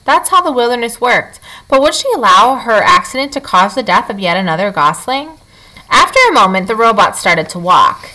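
A woman teacher reading a children's novel aloud, with expressive, animated storytelling. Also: mid-range voice, low-quality recording.

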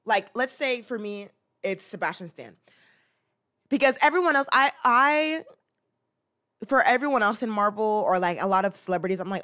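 A woman hosts a casual reaction chat in a mid-range, animated, slightly bright voice, speaking at normal speed with frequent pauses. She rambles playfully, with plenty of fillers and restarts, and acts out little scenes.

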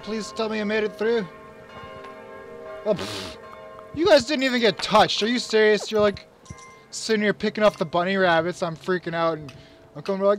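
Brief: young male let's-play host with a high voice, excitable, mock-regal pep talks, then mumbles. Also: normal speed, long pauses, faint music behind. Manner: excitable, swings from shouting orders to muttering; mock-royal speeches to his troops. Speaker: gamer.

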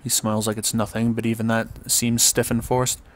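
A man reading a visual novel's text aloud in a flat, even way, with casual asides and small stumbles. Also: mid-range voice, brisk. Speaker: let's play commentator. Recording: faint music underneath.

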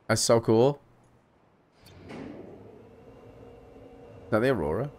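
A man's voice: mid-range voice, animated, moderate pace. A man, chatting casually and swearing freely while commentating his own game playthrough. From England. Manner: sweary, chatty, jokey rants to viewers. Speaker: gaming YouTuber. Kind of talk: casual let's-play commentary.

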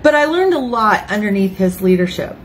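A woman in her fifties, a grandmother, preaching an informal online sermon in a chatty, emotional way with lively asides. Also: mid-range voice, a little fast, slight background noise, rough recording. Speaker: ministry speaker. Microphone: phone or webcam, online broadcast.

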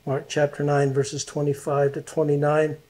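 A middle-aged man preaching a sermon as a pastor, earnest and emotional, with long pauses. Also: fairly high pitch, monotone, darkish tone.

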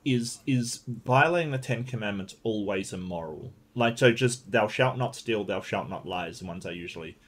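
A man's voice: lowish voice, expressive, normal speed, hardly any pauses, husky. A man hosting a casual panel debate, thinking aloud with frequent restarts and hesitations. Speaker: show host.

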